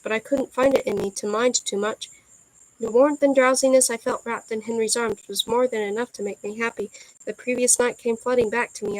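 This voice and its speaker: A woman reading a first-person novel aloud in a soft, earnest storytelling manner. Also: on the high side, dry recording, low-quality recording. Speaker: audiobook reader.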